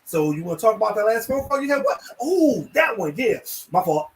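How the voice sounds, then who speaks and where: A man's voice: high voice, big pitch swings, a little fast, recorded from a distance, rough recording. A man telling stories in casual chat, acting out quotes and laughing often.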